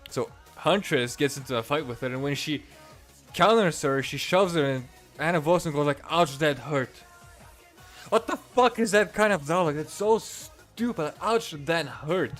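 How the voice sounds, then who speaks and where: A man's voice: fairly high pitch, animated, moderate pace, fairly bright tone, faint music behind. A man reviewing comics in a profane, exasperated and sarcastic rant.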